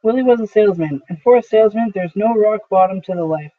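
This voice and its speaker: A man's voice: sits high, fast, no room sound, close to an everyday voice. A man doing an earnest older neighbor, tinny. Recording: tinny phone-like audio.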